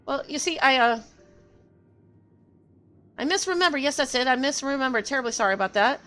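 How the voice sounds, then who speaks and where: A woman's voice: sits high, lively intonation, brisk, bright, forceful tone, faint music behind. A woman voicing a nervous, evasive male rabbit-folk character in a game, flustered and overly polite with stammers.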